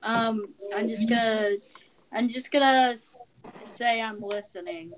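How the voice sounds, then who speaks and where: A young woman playing a tabletop game, speaking slowly and casually. She hesitates often, restarting her sentences and filling pauses with ums. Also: fairly high pitch, a little hiss or hum. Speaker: player.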